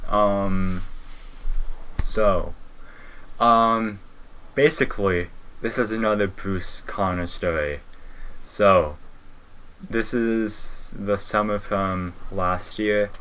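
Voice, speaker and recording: A man's voice: on the low side, steady tone, extremely slow, pauses often, fairly bright tone, smooth. A young man co-hosting a podcast, telling a story in a rambling way, with lots of fillers and swearing. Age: young adult. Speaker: podcast co-host. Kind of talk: casual podcast chat.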